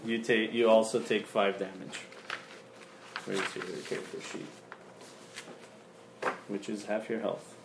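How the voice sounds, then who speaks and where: Man, game master, slow halting delivery, faint background hum. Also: fairly low pitch, little pitch movement, vocal fry, echoey room. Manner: slow, halting, many fillers. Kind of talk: narrating a tabletop game.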